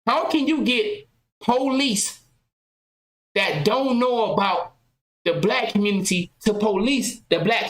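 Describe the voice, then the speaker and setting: A woman hosting a podcast, talking loudly and passionately, firing off rhetorical questions in casual commentary. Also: a little high, reverberant, poor audio. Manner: loud, impassioned, rhetorical questions. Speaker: podcast host.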